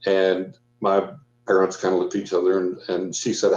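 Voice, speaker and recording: An older man with a low voice tells a story in a loose, rambling way, full of restarts. His audio sounds roomy and muffled, as if from a remote call. He speaks as a guest on a radio talk show. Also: completely flat delivery, moderate pace, darkish tone. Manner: rambling, with frequent restarts and quoted dialogue. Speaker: guest psychic. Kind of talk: casual storytelling interview.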